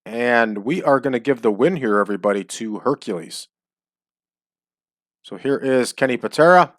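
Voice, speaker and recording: A man talking casually over a wrestling booking game, with chatty asides and drawn-out hype calls. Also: mid-range voice, expressive, fairly bright tone, dry recording, studio quality. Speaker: wrestling sim game host.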